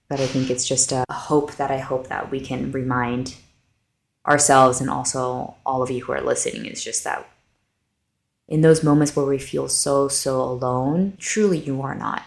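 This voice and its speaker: A woman's voice: extremely low pitch, steady tone, moderate pace, gravelly. A woman co-hosting a faith-based podcast, telling personal stories in an earnest, heartfelt way. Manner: earnest, heartfelt, storytelling with many likes. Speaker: podcast co-host. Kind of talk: faith-based casual chat.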